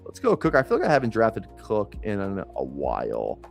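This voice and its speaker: A man's voice: fairly low pitch, huge pitch swings, moderate pace, vocal fry, soft background music. A man streaming fantasy football drafts live, chatting casually in a rambling way, swearing freely and chuckling often.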